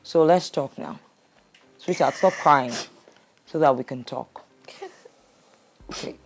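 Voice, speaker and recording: A woman hosting a counseling show, calm, measured and soothing. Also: extremely low pitch. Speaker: relationship counselor host.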